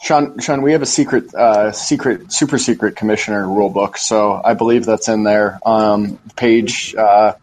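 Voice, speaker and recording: A man's voice: fairly low pitch, steady tone, normal speed, few pauses, darkish tone, low-quality recording. A man teasing and joking in a casual podcast chat.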